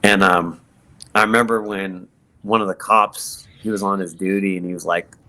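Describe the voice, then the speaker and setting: A man, a podcast guest, telling his personal story in an earnest, halting way with many fillers and restarts. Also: low-pitched, fairly even intonation, bright, forceful tone. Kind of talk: personal testimony in conversation.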